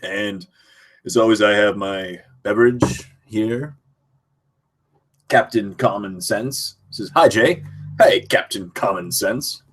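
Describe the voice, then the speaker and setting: A young man from Canada with a lowish voice hosts a casual live stream from his home computer. He reads viewer messages aloud and answers them in an easygoing chat. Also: slow, a little hiss or hum.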